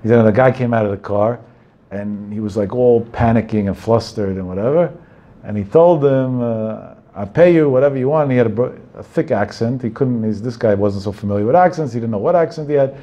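Male religious teacher, mellow low voice, anecdotal and digressive, lo-fi sound. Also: fairly quick. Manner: digressive, anecdotal, sprinkled with Hebrew terms. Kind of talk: Torah talk with storytelling.

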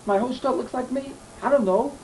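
A man voicing a calm, unforgiving disfigured stranger in a told story. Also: very high-pitched, a little fast, far from the mic, slight background noise, poor audio. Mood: firm.

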